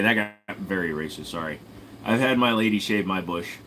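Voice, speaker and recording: A man's voice: low voice, expressive, moderate pace, pushed and bright, slight background noise, low-quality recording. A sleepy young man streaming, rambling through crude jokes in a casual late-night chat.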